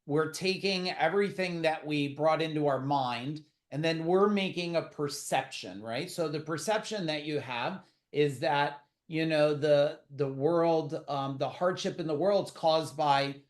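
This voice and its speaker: A man's voice: a little high, measured pace, hardly any pauses. A man hosting a livestream, talking in a loose conversational way and answering viewer questions. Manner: conversational, many fillers and restarts. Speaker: host.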